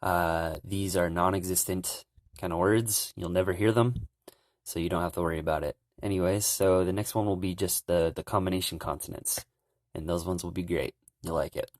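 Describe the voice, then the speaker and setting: A young man giving a relaxed, casual language lesson, calmly explaining pronunciation. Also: deep voice, no room sound, studio quality. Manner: relaxed, repeats sounds slowly and loudly to demonstrate. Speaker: language teacher.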